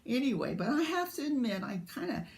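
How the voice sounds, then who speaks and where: Older woman, light Southern US drawl, gravelly texture, rambling and chatty vlog delivery. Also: a little high, very animated, a little fast, a little mellow. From United States. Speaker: booktuber. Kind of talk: casual vlog chat.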